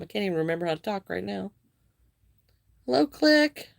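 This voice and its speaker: Lady on a crochet livestream, reading chat names and saying thanks, dry close sound, middle pitch. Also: sing-song, gravelly, dry recording. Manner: greets and thanks viewers by name, chatty, halting restarts. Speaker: livestream host. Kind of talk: live crochet stream chat.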